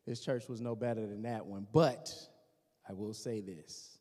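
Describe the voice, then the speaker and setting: Here a man from Gary, Indiana, in the American Midwest speaks a little slowly in a lowish voice. He's animated and teasing, talking straight to a live audience in a church hall as he does stand-up and crowd work.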